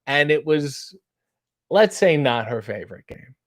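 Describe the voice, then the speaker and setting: A man in his thirties, hosting a casual chat and reading out viewer comments with wry, animated delivery. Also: fairly high pitch, unhurried. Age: 30s. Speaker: host.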